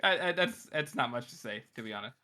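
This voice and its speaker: A man's voice: mid-range voice, animated, fast, sharp tone. A man co-hosting a book podcast in loose, casual chat, laughing often and swearing freely. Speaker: podcast co-host.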